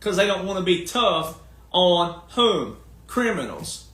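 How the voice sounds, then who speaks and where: A man's voice: sits high, very animated, slow, fairly bright tone, roomy sound. A man talking in a long, casual monologue, folksy and emphatic, firing off rhetorical questions. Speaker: commentator and speaker.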